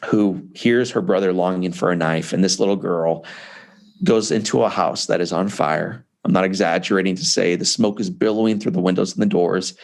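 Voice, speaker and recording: A man in his forties from Missouri, a guest author telling an emotional personal story in an earnest, impassioned way with dramatic pauses, heard over a video call. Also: low voice, vocal fry. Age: 40s.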